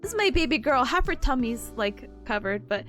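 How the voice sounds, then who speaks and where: Bubbly, high-voiced young woman streamer, giggly and animated. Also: soft background music. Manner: bubbly, giggly, gushing, quick to laugh. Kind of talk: casual study stream chat.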